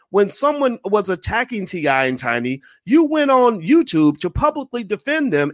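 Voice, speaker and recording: A man hosts a commentary livestream with a high voice that leaps up and down. He talks emphatically and moves from loud outbursts to low, quieter asides. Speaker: commentary show host.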